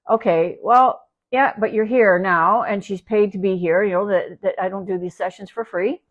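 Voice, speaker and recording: A woman's voice: mid-range voice, steady tone, normal speed, few pauses. Woman, dog trainer, casual live chat, rambling, restarts often, at home. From Canada. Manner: rambling, chatty, with frequent restarts and fillers. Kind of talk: casual livestream talk. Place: at home with her dog nearby.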